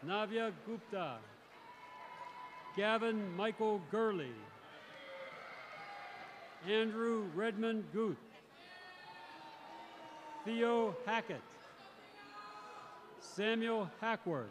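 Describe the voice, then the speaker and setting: A male teacher reading out graduates' names one by one at a graduation ceremony in a large arena, in a measured announcing manner. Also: high voice. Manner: measured, announcing each name, with brief self-corrections. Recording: crowd noise in a large arena. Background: crowd cheering.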